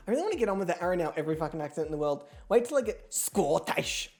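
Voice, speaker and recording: A woman's voice: on the low side, very animated, very fast, hardly any pauses, a little mellow, faint music behind. A woman hosting an online reality game show livestream in a playful, theatrical way, with casual swearing. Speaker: host.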